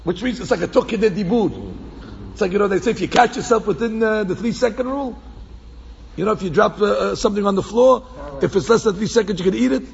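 A man teaching a Torah class to a small group in an animated way, repeating phrases for emphasis and mixing in Hebrew quotes. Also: sits high, fast, creaky. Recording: echoey hall, dull lo-fi sound with faint background hum.

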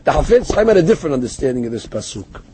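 Rapid-fire and very animated, this rabbi speaks on the high side in a mellow voice, with slight background noise present. He teaches Torah through stories and explained Hebrew verses, and jokes about himself when a heckler cuts in.

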